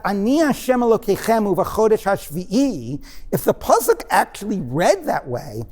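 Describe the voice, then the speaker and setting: A man's voice: sits high, wildly swooping pitch, moderate pace, hardly any pauses, darkish tone. A man teaching a text-study class, quizzing his students in a conversational way and drifting into digressions. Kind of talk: interactive text-study lecture. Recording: reverberant lecture hall.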